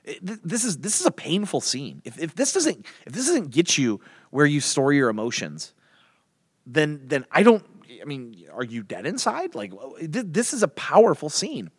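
Animated man teaching the Bible. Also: a little high, normal speed, breathy edge, no room sound, studio quality, big-room sound. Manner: animated, restarts and repeats words.

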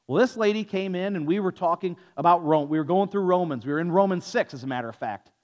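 A man's voice: high voice, fast talker, a little mellow, lo-fi sound. A male pastor preaching a sermon in a conversational, storytelling manner with a sarcastic edge.

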